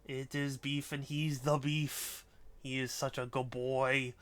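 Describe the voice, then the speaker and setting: A man's voice: mid-range voice, flat delivery, slow pace, fairly bright tone. A man streaming a game who talks casually and often coos baby talk to his cat. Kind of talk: casual live-stream chat. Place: dim room indoors. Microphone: desk microphone on a stand.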